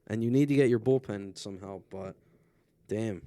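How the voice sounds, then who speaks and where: A man's voice: on the low side, moderate pace, mellow, clear, resonant tone, no room sound, studio quality. A man with a Philadelphia accent co-hosting a podcast, chatty and jokey in casual sports talk. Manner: chatty, jokey, laughs often.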